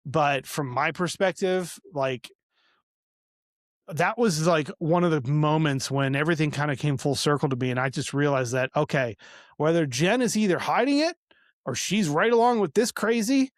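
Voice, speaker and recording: Man with a somewhat high voice telling a story. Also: moderate pace, dry recording, clean studio sound. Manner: animated, acts out quoted lines with restarts. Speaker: podcast guest. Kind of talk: casual personal storytelling.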